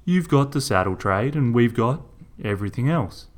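A man's voice: mid-range voice, lively intonation, normal speed, natural voice. A man voicing a bossy middle-aged male rival shopkeeper who blusters and lays down the law. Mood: domineering. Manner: blustering, domineering.

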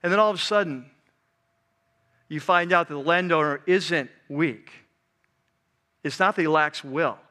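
A man preaching a sermon, animated, swinging from loud emphatic passages to soft, low, quiet ones. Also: measured pace, long pauses. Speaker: pastor.

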